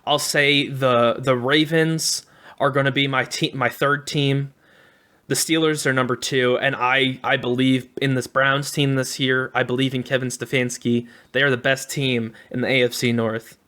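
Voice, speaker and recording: A man's voice: mid-range voice, level tone, normal speed, pushed and bright. A man co-hosting a sports podcast, giving enthusiastic opinions in a casual, upbeat way. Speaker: podcast co-host.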